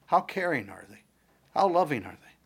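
A middle-aged pastor preaching a sermon, building his points through repeated rhetorical questions and a steady preaching cadence. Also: a little high, moderate pace, husky.

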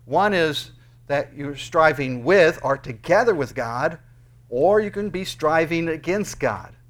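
A male pastor preaching an earnest sermon, with emphatic rises and quick bursts between quieter explanations. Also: fairly high pitch, expressive.

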